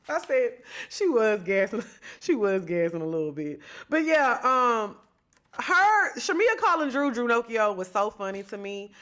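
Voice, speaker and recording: A woman's voice: on the high side, very animated, a little slow, a bit bright. A woman hosting her own podcast, giving chatty, sassy gossip commentary and talking straight to her listeners. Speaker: podcast host. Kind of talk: solo reality-TV gossip commentary.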